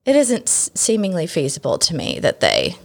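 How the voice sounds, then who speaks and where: Woman podcast co-host, low-ish voice, chatty and analytical, studio mic. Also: huge pitch swings, normal speed, creaky. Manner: chatty, analytical, laughs often. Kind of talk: casual book club chat.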